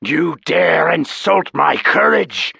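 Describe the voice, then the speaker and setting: A man's voice: on the low side, animated, pushed and bright, no echo, pitched below the performer's own voice, full character voice. A man voicing a menacing tentacle-faced dragon with a wet, slithery, many-voiced sound in a storybook reading. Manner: slow, gravelly threats.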